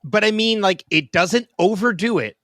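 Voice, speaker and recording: A man's voice: sits high, normal speed, no room sound. Man hosting a podcast, dry sound. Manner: relaxed, rambling promo with fillers. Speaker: podcast host. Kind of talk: casual podcast chat.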